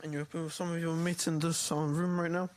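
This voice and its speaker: A young man giving a eulogy for his father at a family funeral service in a chapel. He speaks hesitantly, pausing often and filling the gaps with filler sounds. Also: on the high side, flat delivery.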